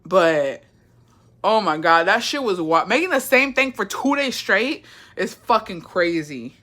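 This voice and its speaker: Young woman livestream host, sassy, profane, animated, bright edgy voice. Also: medium pitch, measured pace. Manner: animated, profane, sassy, reads chat aloud. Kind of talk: casual livestream chat.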